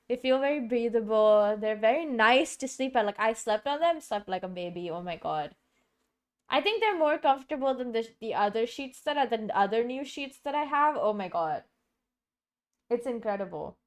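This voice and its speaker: A woman's voice: fairly high pitch, animated, normal speed. A woman streaming from home, chatting casually and rambling with many fillers and restarts. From Singapore. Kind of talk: casual live-stream chat.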